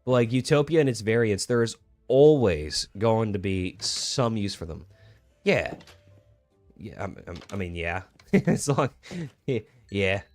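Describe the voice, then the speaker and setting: Young male streamer, low-pitched, relaxed rambling chat over faint music. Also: a little slow, no room sound. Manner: laid-back, rambling, lots of "like" and restarts. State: hiccuping. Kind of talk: casual gaming stream chat.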